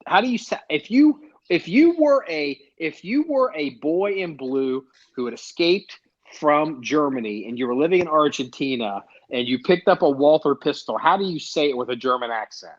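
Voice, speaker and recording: With a slightly high voice, lively intonation and a moderate pace, this man hosts a podcast in loose, casual conversation. He's rambling and profane, frequently interrupting himself, all captured in dull lo-fi audio.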